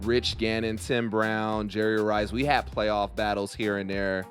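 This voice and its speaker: A man's voice: on the low side, a little slow, faint music behind. A man hosting a podcast, chatting casually and rambling as he searches his memory. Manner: relaxed, rambling, trails off searching for names. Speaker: podcast host. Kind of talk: casual chat.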